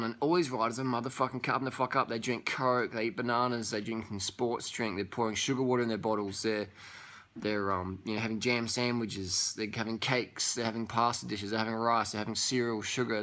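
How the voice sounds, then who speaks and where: Casting: young guy, bright forceful voice, profane scornful rant. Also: medium pitch. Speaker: vlogger.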